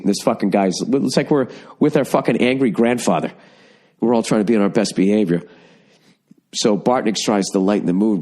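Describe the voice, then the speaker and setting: A man's voice: lowish voice, darkish tone. A man hosting a podcast, telling rambling, profane stories in casual chat. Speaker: podcast host.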